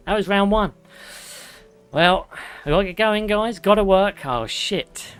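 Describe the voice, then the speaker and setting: A man's voice: high-pitched, moderate pace, fairly bright tone, clear, resonant tone. Chatty man streaming a game. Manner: chatty, swears, talks to chat. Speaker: gaming streamer. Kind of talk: casual live gameplay commentary. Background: game music.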